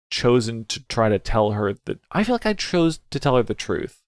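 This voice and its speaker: A very animated mid-range voice at normal speed with few pauses belongs to a streamer playing a story game. He comments anxiously, swears, and reads lines half in character; the studio sound is clean with no echo, and game music plays behind him.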